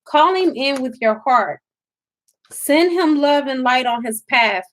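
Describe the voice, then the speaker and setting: Woman, emphatic preachy spiritual reader, slightly high voice. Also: expressive, takes it slowly, a bit bright. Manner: emphatic, preachy, addresses viewers as y'all. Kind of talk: live spiritual reading.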